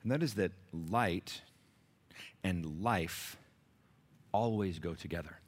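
A male pastor preaching a sermon, telling stories with lively swings from shouts to hushed whispers. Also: sits low, slow pace, slightly rough.

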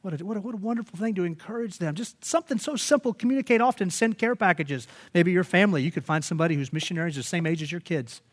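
A man preaching a sermon as pastor, animated and emphatic, often restarting his phrases. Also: high-pitched, fast talker, few pauses.

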